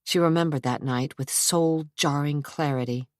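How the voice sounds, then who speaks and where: A woman narrating an audiobook in a measured, unhurried way, close to the mic. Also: sits low, dry recording. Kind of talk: scripted narration.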